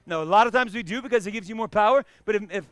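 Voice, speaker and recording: A man teaching a live karate class, calling out short commands and shouting kiais. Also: sits high, racing, clean tone, no room sound, soft background music. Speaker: karate instructor. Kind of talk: live martial arts class instruction. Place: karate studio.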